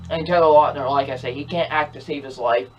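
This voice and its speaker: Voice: medium pitch, fairly even intonation, brisk, highs cut off. A film reviewer talking casually in a ranting movie review, exasperated and emphatic, repeating the same points over and over.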